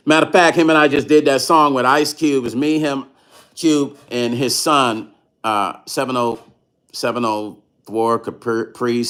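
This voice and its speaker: A middle-aged man from Chicago telling a story on his livestream, animated and laughing often, acting out the other people's lines. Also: mid-range voice. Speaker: vlogger and musician.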